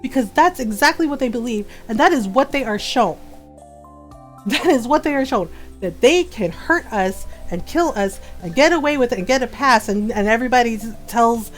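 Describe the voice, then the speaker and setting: A woman's voice: fairly high pitch, animated, normal speed, soft background music. A woman hosting a livestream, talking in a heated, emphatic way and repeating her points. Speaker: livestream gamer host. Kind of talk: casual livestream chat.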